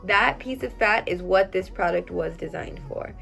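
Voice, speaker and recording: A young adult woman vlogger chatting casually as she answers viewer questions, blunt and animated, with plenty of "um" and "like" fillers. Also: fairly low pitch, normal speed, vocal fry, soft background music. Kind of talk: casual chat.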